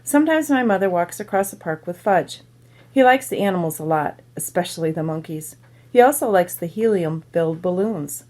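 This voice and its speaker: A woman teacher reading a children's novel aloud to her students, pausing to explain words and ask questions. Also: lowish voice, animated, darkish tone. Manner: pauses to explain to listeners.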